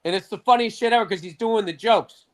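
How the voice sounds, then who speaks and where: Speaking fast in a high voice, this middle-aged man co-hosts a podcast, trading profane, lively stories in laid-back sports chat.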